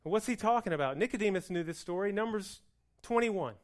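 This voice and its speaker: Male pastor, high voice, dramatic sermon delivery, acts out the complaints in a whiny tone. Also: brisk. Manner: animated preaching, swings from loud to hushed; plays out the people's complaints in a whiny voice.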